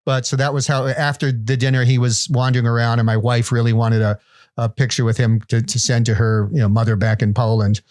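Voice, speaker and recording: A man's voice: medium pitch, little pitch movement, a little fast, a little mellow, no room sound, studio quality. A man in his fifties co-hosting a podcast, telling rambling, self-deprecating anecdotes full of restarts. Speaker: podcast co-host. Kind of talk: casual chat, storytelling.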